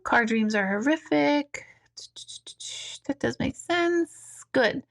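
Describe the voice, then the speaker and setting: A woman hosting a casual live stream as an intuitive, reading out viewer comments in an animated, chatty way with casual swearing and frequent laughter. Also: sits high, slow, gravelly.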